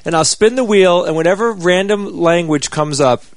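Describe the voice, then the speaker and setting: A man's voice: high voice, moderate pace, dry recording. Man with an anxious-sounding voice. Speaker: podcast panelist. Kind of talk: casual panel chat.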